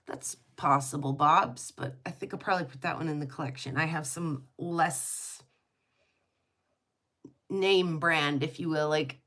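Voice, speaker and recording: A woman's voice: low voice, measured pace, a bit bright. A woman hosting her rock channel, chatting casually and gushing with frequent laughter. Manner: giggly and gushing, lots of laughter and fillers. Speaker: rock hounding channel host. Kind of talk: casual chat.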